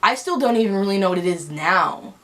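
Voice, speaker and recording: A woman's voice: mid-range voice, lively intonation, fairly quick, fairly bright tone. A young woman telling a personal story on a vlog, angry and heated, rambling with many restarts. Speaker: vlogger.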